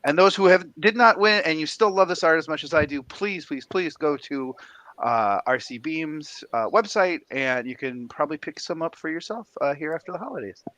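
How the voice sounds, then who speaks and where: A man's voice: fairly high pitch, expressive, normal speed, a bit bright. A man chatting cheerfully as a guest on a live stream, playful and upbeat. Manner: upbeat, playful, hums and sings silly sound effects. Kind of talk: casual live stream chat.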